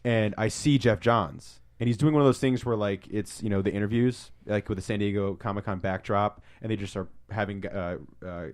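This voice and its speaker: A young man co-hosting a podcast, telling stories in a casual, excitable way, swearing often and acting out what people said. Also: lowish voice, moderate pace, few pauses, dry recording. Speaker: podcast co-host. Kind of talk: casual storytelling chat.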